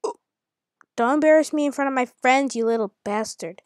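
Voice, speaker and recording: High-voiced, exasperated woman gamer. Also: a little fast, dry recording, studio quality. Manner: swings from low muttering to angry yelling at opponents; exasperated, mild cursing. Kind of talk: live gameplay commentary. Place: at home.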